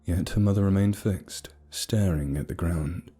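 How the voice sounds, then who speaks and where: A man narrating a scripted horror story in a steady, grave storytelling manner. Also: deep voice, unhurried, breathy edge. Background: soft music.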